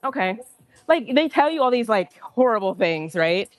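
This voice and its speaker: A woman's voice: fairly high pitch, moderate pace, no room sound, soft background music. Indignant woman ranting on a livestream. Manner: indignant, animated, acts out quotes. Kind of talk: casual storytelling rant.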